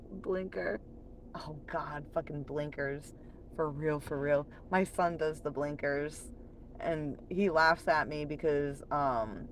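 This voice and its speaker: A woman's voice: low voice, slight background noise. A woman chatting on a late-night livestream from home, profane and laughing often while she reads chat aloud.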